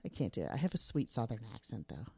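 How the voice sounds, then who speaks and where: A woman's voice: a bass voice, very animated, fast talker, creaky, mellow. A woman co-hosting a podcast in a studio, chatting casually, swearing freely and laughing easily. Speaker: podcast co-host. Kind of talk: casual chat.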